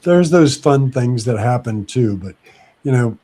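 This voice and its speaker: A man tells a story in a relaxed, easygoing way and slips into the people's voices when he quotes them. His voice is mellow and dark. It sounds like casual podcast talk. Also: medium pitch, a little slow. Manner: animated anecdote telling with acted quotes.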